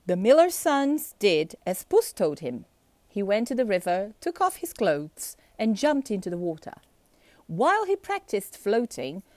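A woman reading a fairy tale aloud with expressive, animated storybook delivery. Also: mid-range voice, no echo.

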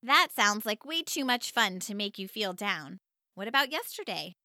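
A woman voicing a gentle, patient mother in a children's story, speaking softly and reassuringly. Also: medium pitch, normal speed, no room sound, clean studio sound, pitched below the performer's own voice. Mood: calm. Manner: soft, calm and reassuring.

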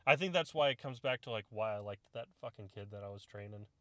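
A man's voice: on the low side, fast talker, pushed and bright, no echo. Profane young man telling army stories. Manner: profane, storytelling, acts out quoted voices. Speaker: podcast co-host, army veteran. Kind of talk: casual chat.

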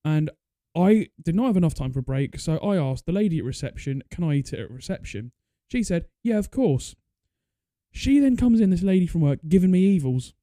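A man's voice: on the high side, lively intonation, fairly quick, warm tone, no echo. A young man, co-hosting a podcast with dry, teasing asides. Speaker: podcast co-host. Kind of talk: casual chat.

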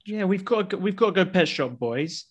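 A man's voice: sits high, expressive, a little fast. A man from England, a podcast guest bantering bluntly and cheekily. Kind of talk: casual chat.

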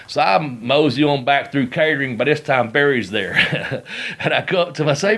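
Man, middle-aged, podcast host, easygoing, rambling anecdotes, average pitch. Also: expressive, a little fast, fairly bright tone, breathy edge. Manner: laid-back, rambling, laughs while telling stories. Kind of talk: casual storytelling.

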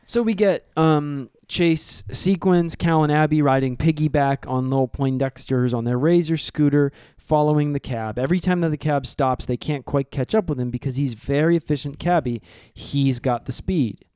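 A man co-hosting a comedy podcast, recapping an episode's plot in an animated way and slipping into silly voices. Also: on the high side, moderate pace, few pauses, clean tone, no room sound, clean studio sound. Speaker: podcast co-host.

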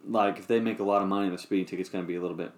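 A man with a somewhat low voice speaks in an easygoing conversation among friends. He hesitates often and fills his pauses with ums and likes, then works his way to the point. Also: steady tone. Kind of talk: casual chat.

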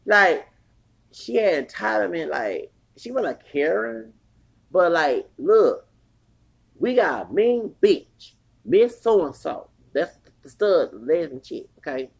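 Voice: mid-range voice, sing-song, takes it slowly, gravelly, breathy edge. A person in their forties telling a long story in a casual, rambling rant, swearing heavily and growing heated. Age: 40s. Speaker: podcast host.

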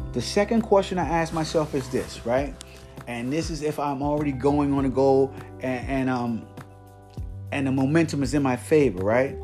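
A man's voice: medium pitch, a little mellow. A man hosting a motivational podcast, talking in an earnest coaching tone and checking in with "right?" and "guys" as he goes.

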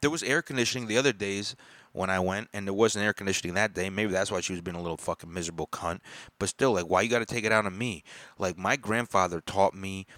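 A man telling a story in an angry, profane rant, getting loud and exasperated as he complains. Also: low-pitched, fast, no echo.

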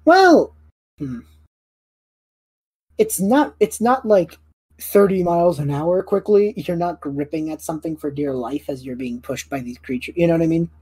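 A young woman narrating a tabletop game as game master, casual and full of fillers, clearing her throat now and then. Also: low voice, animated, normal speed, a little mellow, no room sound.

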